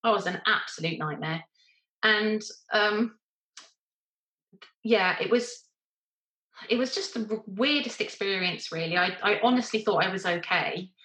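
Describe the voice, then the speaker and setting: A woman's voice: medium pitch, a little slow, long pauses, bright, forceful tone, reverberant, poor audio. A woman telling a personal story in a casual, wry, self-mocking way, with short laughs between lines. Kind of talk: personal anecdote told casually.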